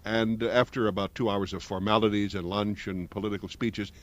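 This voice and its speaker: A man hosting a radio talk show, chatting casually and telling anecdotes in a thoughtful, measured way. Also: fairly low pitch, flat delivery. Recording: dull lo-fi radio broadcast.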